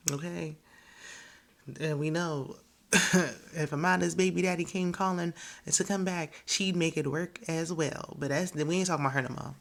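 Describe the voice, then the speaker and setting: A woman with a lowish, creaky voice hosts a reality TV recap at a moderate pace. She chats casually and gossips in an animated way, laughing often and quoting people in their voices.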